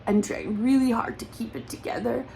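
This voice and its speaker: A woman's voice: fairly high pitch, moderate pace, gravelly, mellow, slight background noise, poor audio. A woman speaking in an emotional personal monologue, accusatory and repetitive, holding back tears. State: close to crying.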